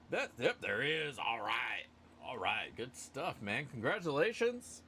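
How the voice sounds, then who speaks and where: Unhurried and sing-song, a man hosts a casual livestream giveaway, rambling and joking at his own expense in a loose way. His mid-range voice has a sharp tone, with slight background noise.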